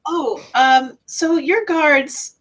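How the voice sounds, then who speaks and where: A woman's voice: high-pitched, extremely slow, fairly bright tone. A woman playing a tabletop game, talking hesitantly with many fillers. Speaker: player.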